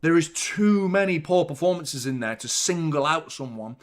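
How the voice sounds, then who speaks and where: Swearing, ranting football fan. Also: male voice, on the high side, lively intonation, moderate pace. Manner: swears constantly, ranting and exasperated. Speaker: fan channel host. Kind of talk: live football watchalong commentary.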